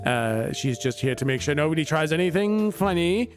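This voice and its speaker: A man's voice: on the high side, expressive, moderate pace, soft background music, lightly acted. A man voicing a nervous, stammering male official with a monocle in a tabletop game. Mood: wary. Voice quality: stammering, flustered.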